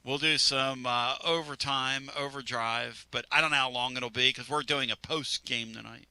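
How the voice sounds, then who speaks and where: Bright-voiced sports radio host. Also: male voice, medium pitch, moderate pace, clean tone, no room sound. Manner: rambling, joking, animated. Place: radio studio.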